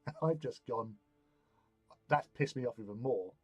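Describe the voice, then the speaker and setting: A man's voice: mid-range voice, normal speed, breathy edge, no echo, faint music behind. A man telling a loose, rambling anecdote in casual chat while hosting a hobby stream.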